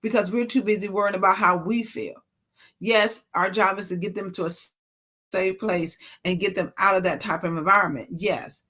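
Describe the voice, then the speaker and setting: A woman's voice: medium pitch, steady tone, moderate pace, pushed and bright. A woman speaking at a ministry, giving an informal, emphatic faith-based talk and repeating phrases for stress. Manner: informal, conversational preaching.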